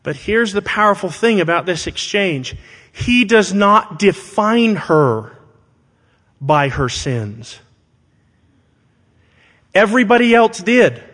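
Man, preacher, sermon, unhurried delivery, emphatic, rhetorical questions, long hall echo. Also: high voice, animated, a bit bright.

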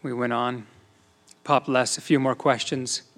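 A middle-aged man who used to be a news reporter, giving a church talk as a personal story, dropping to soft asides and rising to loud emphasis. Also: mid-range voice, flat delivery, unhurried. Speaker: speaker at a church gathering, former TV news reporter. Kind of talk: sermon-style personal story.

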